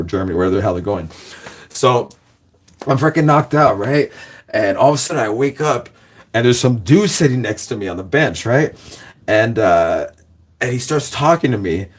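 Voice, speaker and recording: Rambling young man telling a story. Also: lowish voice. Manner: loose and laughing, full of "like" and "guys".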